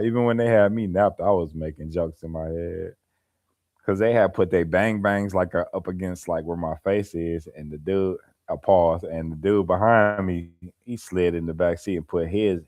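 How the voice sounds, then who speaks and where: Chill guy on a live stream, real deep voice, easygoing storytelling w/ laughs. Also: moderate pace, darkish tone. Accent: African American Vernacular English. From American Midwest or East Coast. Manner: laid-back, laughing storyteller. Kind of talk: casual chat.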